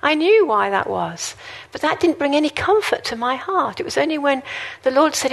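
A woman's voice: sits high, lively intonation, moderate pace, creaky, few pauses. A woman preaching a sermon in an earnest, conversational way, mixing in personal stories. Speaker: guest preacher.

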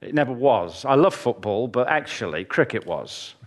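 A man's voice: medium pitch, expressive, normal speed. A man preaching a sermon in church, telling chatty, jokey stories with asides to the congregation.

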